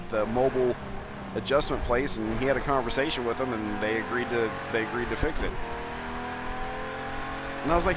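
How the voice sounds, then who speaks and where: A gaming streamer plays a racing game while chatting casually, telling rambling stories full of swearing and chuckles. His voice is mid-range, and the recording is very noisy.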